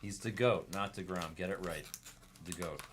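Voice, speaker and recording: A man hosting a live card break, commenting in a casual, excitable way and teasing his chat. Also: low-pitched, normal speed, background noise.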